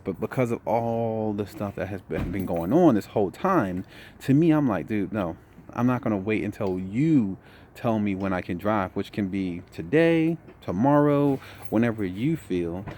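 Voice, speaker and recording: Young male vlogger, tired, low voice, relaxed storytelling, faint noise floor. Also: moderate pace. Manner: relaxed storytelling, says "man" a lot. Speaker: trucking vlogger. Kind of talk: casual vlog update.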